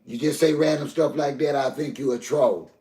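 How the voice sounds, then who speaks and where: An older man from the Southern US speaks heatedly and directly to his live stream chat in an emotional outburst. His voice is medium-pitched and mellow at normal speed, with a reverberant sound.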